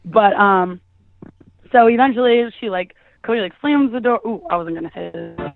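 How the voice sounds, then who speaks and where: A woman's voice: mid-range voice, moderate pace, vocal fry, no room sound, soft background music. Chatty young woman on a tinny phone line. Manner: chatty, laughing, lots of "like" fillers. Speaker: caller guest. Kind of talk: casual storytelling.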